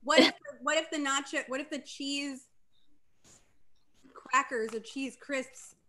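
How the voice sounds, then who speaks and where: A woman's voice: high-pitched, fairly even intonation, slow pace, sharp tone. A woman on a casual cooking livestream, playful and musing aloud with what-if ideas. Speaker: co-host. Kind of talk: casual chat on a cooking stream.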